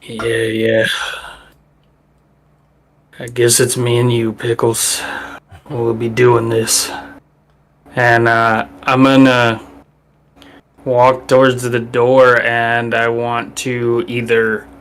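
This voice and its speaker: A man's voice: medium pitch, completely flat delivery, fairly bright tone. A man playing in a tabletop game, thinking aloud as he decides what his character does. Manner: slow, deliberating, thinking aloud. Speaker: player. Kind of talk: casual tabletop play.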